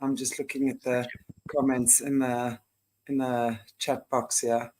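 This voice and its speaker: A woman's voice: rumbling low, little pitch movement, a little slow, a little mellow, slight background noise. A woman hosting a live web show over a video call, casual and supportive toward her guest. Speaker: host.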